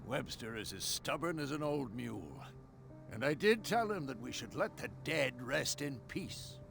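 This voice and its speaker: An actor playing a gruff, suspicious older male caretaker in a video game, with a gravelly, menacing way of talking. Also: mid-range voice, animated, measured pace. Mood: grudging. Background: game music.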